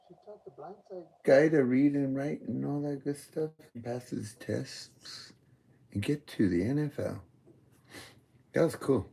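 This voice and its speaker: A man high on weed, rambling goofily in a meandering monologue addressed to God. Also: measured pace, gravelly, long pauses, dark tone, breathy edge. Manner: goofy, meandering, talks to God. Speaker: vlogger. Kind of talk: rambling stream-of-consciousness monologue.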